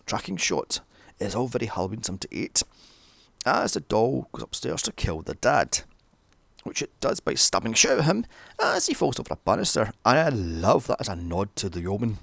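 Brief: British man, sarcastic profane recapper, very lively swooping delivery, dry close sound. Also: lowish voice, gravelly, dry recording. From Britain. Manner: sarcastic, profane, wandering asides. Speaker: film reviewer. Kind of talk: sweary comedic movie recap.

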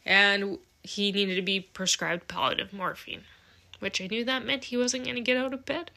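Woman podcast host, solo monologue, bright and forceful tone, heartfelt and blunt. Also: medium pitch, fairly even intonation, moderate pace, vocal fry. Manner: earnest, emotional, swears casually. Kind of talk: candid personal monologue.

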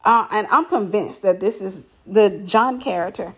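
A woman telling a personal story in casual chat, animated and repeating herself for emphasis. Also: medium pitch, normal speed, husky.

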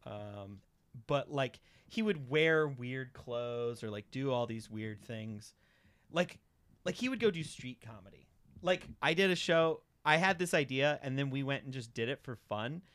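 A man, a comedian in a casual chat, who talks excitedly and laughs often. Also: mid-range voice, unhurried. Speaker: comedian guest.

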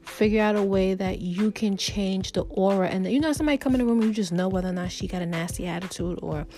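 A woman's voice: medium pitch, fast talker, dark tone. Woman vlogger, casual motivational rant, emphatic and preachy, faint music bed. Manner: emphatic, preachy, conversational with many fillers. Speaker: vlogger giving life advice. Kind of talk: casual motivational talk to camera.

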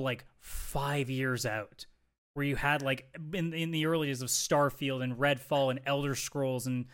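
A man's voice: medium pitch, fairly bright tone. A man co-hosting a gaming podcast, rambling with lots of asides in casual chat. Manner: rambling, many fillers and asides. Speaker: podcast co-host.

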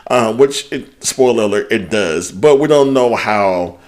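A man's voice: on the low side, unhurried. A man co-hosting a podcast, recapping reality TV in casual chat, swearing freely and laughing often. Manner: profane, animated, laughs often. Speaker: podcast co-host.

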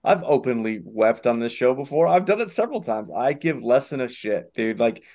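A man's voice: mid-range voice, very animated, moderate pace, creaky, a little mellow. A man hosting a podcast on a video call, talking frankly and easygoing, with casual swearing. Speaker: podcast host. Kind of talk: casual chat.

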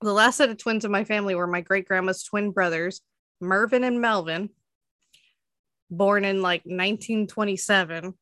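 A woman in her twenties tells a story in easy, rambling chat, full of fillers and quick laughs. Her voice is bright and forward, recorded close and dry. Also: medium pitch, dry recording. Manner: chatty storytelling, laughs often, many fillers. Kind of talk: casual chat.

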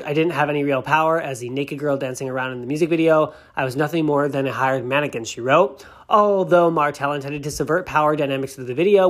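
A man hosting a celebrity news show, chatty and gushing, reading out news stories with many asides. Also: fairly high pitch. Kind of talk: casual gossip commentary, reading news aloud.

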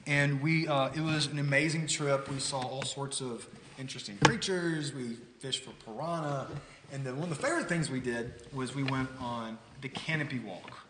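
A man from the United States preaching a sermon, telling a story in a conversational, animated way with frequent restarts. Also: medium pitch, normal speed, noisy background. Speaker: pastor. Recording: roomy hall with long reverb.

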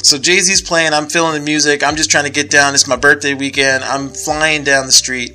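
A man's voice: fairly high pitch, normal speed, faint music behind. A young man in casual podcast conversation, telling a story with laughs and acted-out voices. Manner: animated storyteller, laughs often, acts out voices.

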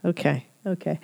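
A woman's voice: sits low, vocal fry, no room sound. A middle-aged woman hosting a podcast, giving candid advice on listener letters in a frank, emotional, freely swearing way.

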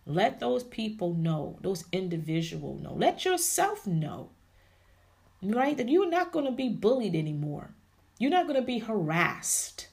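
Her mid-range voice has a gravelly texture. This woman hosts a podcast and preaches emphatically in a faith-based motivational talk, referring to her audience as ladies and honey.

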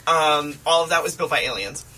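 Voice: mid-range voice, fairly quick, sharp tone, low-quality recording. A young adult co-host in casual chat, playful and a little mock-dramatic while explaining a theory.

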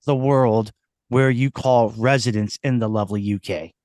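A man hosting a podcast interview like an excitable showman, hyping his guest and often restarting his sentences. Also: medium pitch, normal speed, no room sound, clean studio sound. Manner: hyped-up showman, stammering restarts. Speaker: podcast host. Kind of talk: casual interview. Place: recording studio.

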